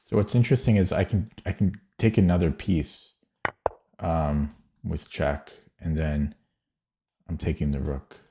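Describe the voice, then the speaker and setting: A man with a very low, mellow voice talks through chess puzzles at an unhurried pace. He mutters in short, halting phrases and often restarts his sentences. Mouse clicks sound now and then near his mic. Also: fairly even intonation. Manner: muttering, halting, self-correcting. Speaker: chess streamer. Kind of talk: thinking aloud while solving puzzles.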